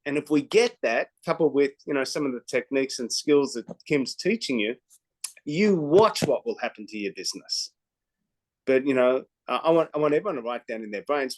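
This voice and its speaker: A man with a somewhat high voice talks on a video call with restless excitement. He swings between loud, animated bursts and quieter asides. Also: brisk. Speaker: co-host, business mentor. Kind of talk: motivational call talk.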